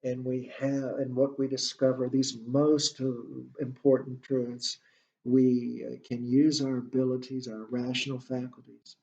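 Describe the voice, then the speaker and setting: Slow, halting male lecturer. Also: mid-range voice, monotone, mellow. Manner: halting, many fillers and restarts. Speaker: literature instructor. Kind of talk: recorded lecture. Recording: echoey room, dull lo-fi sound.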